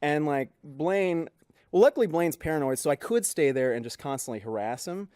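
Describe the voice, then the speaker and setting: A man's voice: a little high, expressive, normal speed, a little mellow, dry recording, clean studio sound. A man co-hosting a podcast, telling a story casually and acting out the people he quotes. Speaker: podcast co-host. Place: podcast studio.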